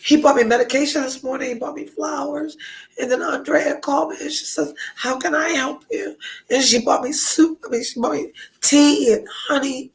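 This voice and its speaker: Female podcast host, high voice, congested and nasal from a cold, candid and foul-mouthed, prone to tearful whispers. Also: fairly even intonation, moderate pace, gravelly, poor audio. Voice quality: nasal, stuffed-up. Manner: emotional, breaks into tears and whispers; blunt, swears freely. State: sick and congested. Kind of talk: casual chat.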